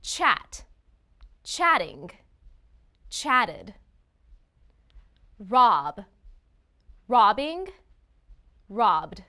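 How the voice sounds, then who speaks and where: A woman teaching English spelling in a scripted lesson, enunciating each word deliberately for learners. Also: medium pitch, big pitch swings, bright, forceful tone.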